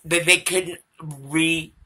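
A man's voice: fairly high pitch, steady tone, takes it slowly, sharp tone, husky. A man vlogging to a phone camera in a rambling, profane monologue that drifts between topics.

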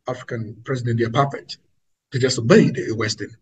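A man's voice: medium pitch, steady tone, brisk, a little mellow, slightly rough, poor audio. A man with an Angolan accent preaching to an online audience, emphatic and repetitive, calling his listeners family.

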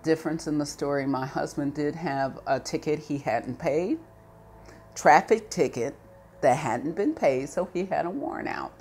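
A middle-aged woman recounting a personal story in an interview, animated and rising to anger as she recalls it. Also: deep voice, normal speed, a little hiss or hum.

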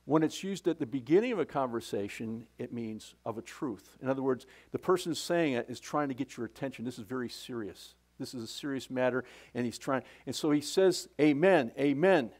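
A man's voice: mid-range voice, animated, fairly quick, hardly any pauses, a little mellow. A middle-aged male pastor preaching a sermon in a conversational, folksy way, often restarting his sentences.

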